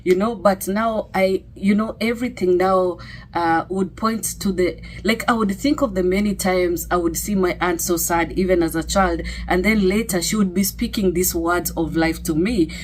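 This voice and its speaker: A woman's voice: lowish voice, normal speed, darkish tone, a little hiss or hum. A middle-aged woman with a Kenyan accent sharing a personal testimony in a conversational way, full of fillers and "okay?" tags. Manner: conversational, many fillers and tag questions.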